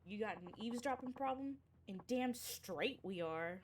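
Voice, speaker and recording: A pack of crude, foul-mouthed street thugs spitting out threats, voiced by a woman streamer. The voice leaps up sharply in pitch and sits back from the mic, with faint noise behind. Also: animated, normal speed, distant mic, lightly acted. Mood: aggressive. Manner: aggressive, sneering, foul-mouthed.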